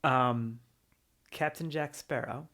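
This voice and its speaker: A man's voice: mid-range voice, takes it slowly, fairly bright tone. A man co-hosting a pop culture podcast in casual chat, easygoing and swearing freely. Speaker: podcast co-host.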